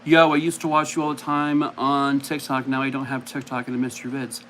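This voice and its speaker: A man's voice: medium pitch, monotone, fairly quick, a bit bright, a little hiss or hum. A man hosting a live game stream, chatting playfully and mocking himself with frequent laughs. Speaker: streamer host. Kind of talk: casual live-stream chat.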